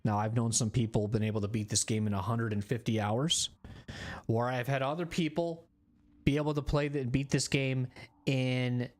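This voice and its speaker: A man's voice: mid-range voice, steady tone, moderate pace. A man in his forties chatting casually on a gaming live stream, rambling, repeating himself and poking fun at himself. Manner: rambling, self-deprecating, repeats phrases. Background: faint background music.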